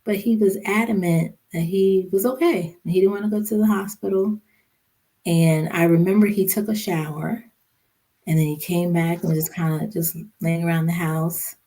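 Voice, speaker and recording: A woman podcast guest recounting a painful family memory in a somber, halting way, with many fillers. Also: on the low side, steady tone, mellow. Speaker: podcast guest, social worker and mother. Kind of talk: personal storytelling in a podcast interview.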